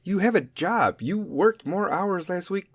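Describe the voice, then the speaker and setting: A man's voice: animated, a little slow, slightly rough, dry recording. A middle-aged man hosting a podcast, ranting profanely about parenting and drifting off on tangents. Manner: profane, tangent-prone, mimics kids in high squeaky voices. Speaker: podcast host. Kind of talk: profane comedic rant.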